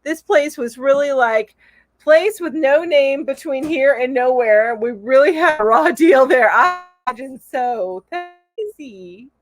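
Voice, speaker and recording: A woman's voice: sits high, a little slow. A middle-aged woman hosting a casual live stream, reading viewer comments aloud with a giggly, bubbly manner. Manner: bubbly, giggly, coos at her cat. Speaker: live show host.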